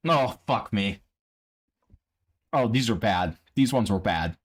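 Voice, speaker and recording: A man's voice: fairly low pitch, expressive, slow pace. A man live-streaming a casual reaction, profane and mocking.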